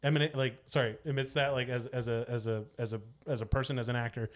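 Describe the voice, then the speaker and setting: A man's voice: mid-range voice, fairly even intonation, fast talker. A man co-hosting a podcast, chatting casually about an old movie, rambling with many fillers and restarts. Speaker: podcast co-host.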